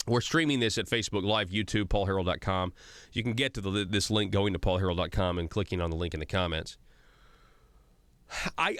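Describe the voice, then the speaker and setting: A man hosts a political talk radio show, his lowish voice smooth and resonant. He talks through a list casually, restarting sentences and filling pauses with "uh." The studio sound is dry and close. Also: fairly bright tone, no room sound. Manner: conversational, reads off rankings with frequent fillers and restarts.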